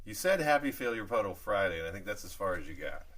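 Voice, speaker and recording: Low-voiced man with wry quips. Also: very animated, fast, fairly bright tone. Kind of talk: casual chat.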